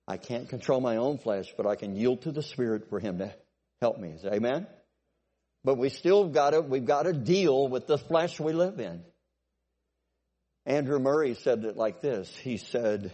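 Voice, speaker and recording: An older man preaching a sermon to a congregation, swinging from loud exhortation to quiet, musing asides and asking for amens. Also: mid-range voice, expressive, a little slow, pauses often.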